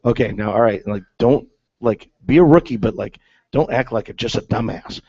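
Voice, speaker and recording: In a warm, husky mid-range voice at normal speed, the former major-league catcher rambles through a story as a guest. Fillers and restarts crop up constantly, and the lo-fi recording is dull and dry with no room sound.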